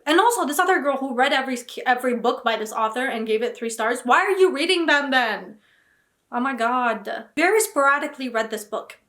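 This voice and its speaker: In a casual reaction video, a young book vlogger speaks fairly quickly with lively intonation, her voice sitting high and a bit bright. She gets animated and bursts into dramatic indignation.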